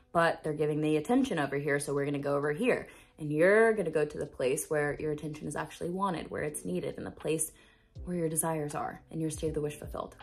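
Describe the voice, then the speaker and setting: Lowish husky woman talking straight to camera about mindset, earnest and emphatic, repeats stuff for emphasis. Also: fast. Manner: casual, swears now and then. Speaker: manifestation coach. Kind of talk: motivational self-help talk to camera.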